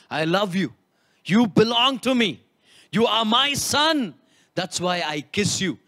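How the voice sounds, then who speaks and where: A man voicing a father from a parable, emphatic and repeating his words in a lower voice. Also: a bit bright, dry recording, clean studio sound. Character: father in a parable, older man, loving then stern.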